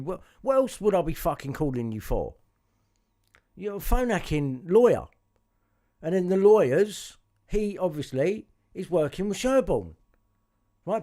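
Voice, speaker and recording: A man's voice: fairly high pitch, darkish tone. A man talking to his viewers, agitated and profane, circling back and repeating himself. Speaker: vlogger. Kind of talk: angry monologue to camera.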